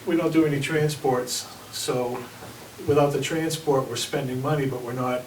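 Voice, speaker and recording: A man's voice: mid-range voice, fairly even intonation, moderate pace, a little mellow, a little hiss or hum. A man, a fire chief, giving a plainspoken report with anecdotes at a town board meeting. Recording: echoey room, mic at a distance.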